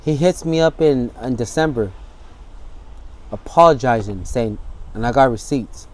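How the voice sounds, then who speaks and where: Man with an average-pitched voice, giving a candid interview, acting out the scenes and swearing as he goes. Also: unhurried, darkish tone. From San Francisco Bay Area. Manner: vivid storytelling, acts out scenes, swears freely.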